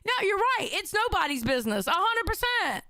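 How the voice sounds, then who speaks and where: A woman hosting a livestream, talking loudly and profanely as she reads out chat messages. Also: extremely high pitch, sing-song, a little fast, dry recording. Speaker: livestream host.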